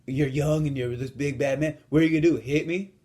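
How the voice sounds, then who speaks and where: A man's voice: on the high side, fairly even intonation, brisk, mellow, natural voice. A young man quoting a rude, cranky man in his eighties, in a snide, confrontational way.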